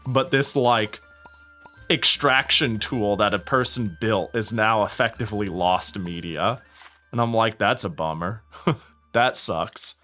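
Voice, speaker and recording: A young man chatting casually while streaming a game, rambling and animated, laughing often and swearing freely. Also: on the low side, takes it slowly, soft background music. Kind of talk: casual gaming stream chat.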